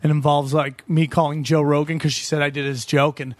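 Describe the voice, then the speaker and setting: High-pitched man, lively comic storyteller, dry close sound. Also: fairly quick, no echo. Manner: animated, acts out heckler voices. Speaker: stand-up comedian. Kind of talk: casual chat.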